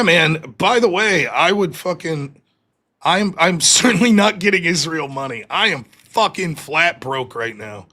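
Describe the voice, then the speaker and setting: A man hosting a live call-in stream, talking casually and animatedly, often sounding exasperated and mocking. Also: a little high. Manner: animated, exasperated, quick to mock. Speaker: livestream host.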